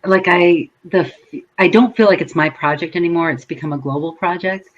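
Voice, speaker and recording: A woman guest in an interview, telling her story in a lively way and acting out her own past words. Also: on the low side, lo-fi sound.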